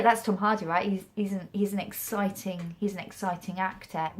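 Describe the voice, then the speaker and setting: A young English woman with a mixed regional accent, chatting casually to camera about acting, rambling with restarts. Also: mid-range voice. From England. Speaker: acting vlogger.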